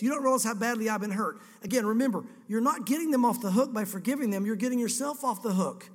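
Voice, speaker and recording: High-voiced male pastor in a reverberant church. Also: expressive, fast talker. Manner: earnest, dramatizing scripture. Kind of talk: sermon.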